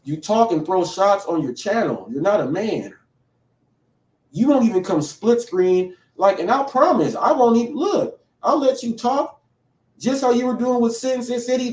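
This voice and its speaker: On a livestream, a male host goes after a rival in a rambling, confrontational rant that keeps restarting. His voice sits high with a darkish tone. The mic is distant and the room is echoey, so he sounds off-mic.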